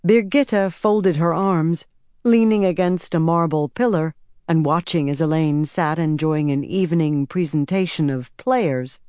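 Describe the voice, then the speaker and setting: Calm, low female audiobook narrator. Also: measured pace, no room sound, studio quality. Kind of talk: scripted narration.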